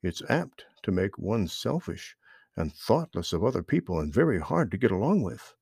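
Male storyteller for kids' audiobook, gravelly, pitch all over the place. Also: moderate pace, no echo, clean studio sound. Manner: expressive, animated reading. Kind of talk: storybook reading aloud.

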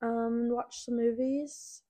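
A woman's voice: fairly high pitch, fairly even intonation, takes it slowly, mellow. A young woman in her twenties co-hosting a podcast, telling stories in a chatty way with lots of fillers. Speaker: podcast co-host. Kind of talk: casual chat.

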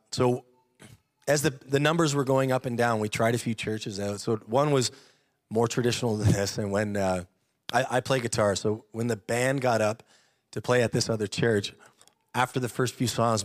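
A man's voice: fairly low pitch, dry recording, clean studio sound. A man in his thirties sharing a personal testimony at church, earnest and chatty, laughing often and restarting his sentences. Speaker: church member giving testimony.

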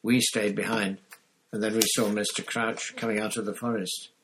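A low-voiced, husky man voicing a panicky teenage boy wizard in a storybook reading, raising his pitch and pushing the words out urgently. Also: flat delivery, noisy background, close to an everyday voice. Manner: raised, hurried, pleading delivery.

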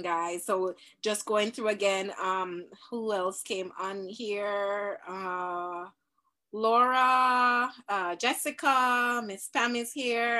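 A middle-aged woman hosting a live discussion, animated and laughing often as she talks to parents and viewers. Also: mid-range voice. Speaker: host.

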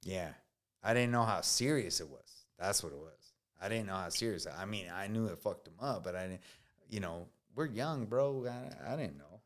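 Deep-voiced man telling war stories. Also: expressive, moderate pace. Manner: slangy, says bro a lot, swears freely. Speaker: military veteran podcast guest. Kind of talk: casual podcast storytelling.

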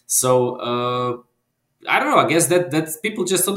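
Croatian-born guy chatting about his work, lots of restarts, trails off quiet, roomy echo. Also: medium pitch, sing-song, a little fast. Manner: hesitant, restarts often, trails off softly. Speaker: filmmaker guest. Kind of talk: casual interview chat.

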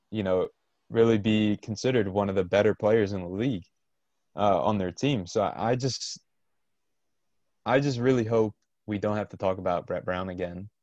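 Frustrated low-voiced man on a dull line. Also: a little mellow, no echo. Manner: frustrated, halting, restarts often. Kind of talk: casual sports talk.

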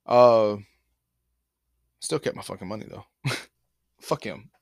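A man's voice: on the low side, takes it slowly, vocal fry, no room sound, studio quality. A young man hosting a podcast, telling a profane, laid-back story full of quoted back-and-forth dialogue into a podcast mic. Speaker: podcast host. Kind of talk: casual storytelling. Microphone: podcast microphone.

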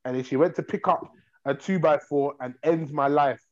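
A young man telling a long story in a rambling, animated way, repeating himself. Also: on the high side, moderate pace, lo-fi sound. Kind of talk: casual storytelling.

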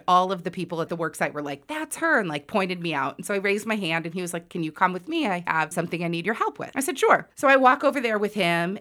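Woman, forties, from the US, personal storytelling, loud, lively, self-mocking. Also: on the low side. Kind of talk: personal story told to an audience.

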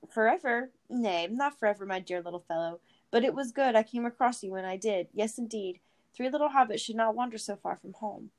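A woman's voice: a little high, brisk, natural voice. A woman voicing a merry old male forest spirit who plays host, with a sing-song, old-fashioned, kindly way of talking. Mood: merry, gentle.

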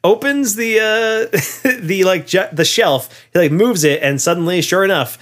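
A man's voice: high-pitched, measured pace, a bit bright. A man in casual conversation, retelling a film's plot in a rambling way with lots of fillers. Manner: rambling, filler-heavy, laughs often.

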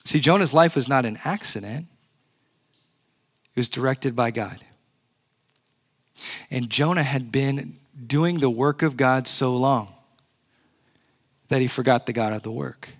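A man's voice: medium pitch, unhurried, pauses often. A man preaching a sermon, earnest and repeating key phrases for emphasis. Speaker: pastor.

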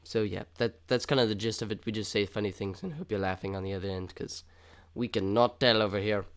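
A man's voice: lowish voice, fairly quick, clear, resonant tone. A young man co-hosting a casual podcast, joking around playfully and laughing often. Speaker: podcast co-host. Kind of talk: casual chat.

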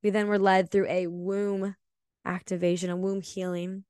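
A woman hosting a solo spiritual podcast, telling a personal story in an earnest, emotional and confessional way, often slow and reflective. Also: on the low side, little pitch movement, warm tone, smooth, dry recording, clean studio sound. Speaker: podcast host.

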